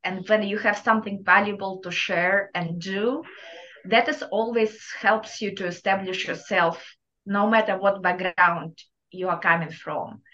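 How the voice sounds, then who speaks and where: A woman answering interview questions in a halting way, with restarts and slips in her English grammar. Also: medium pitch, steady tone, a bit bright. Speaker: interview guest, entrepreneur. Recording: dull lo-fi audio.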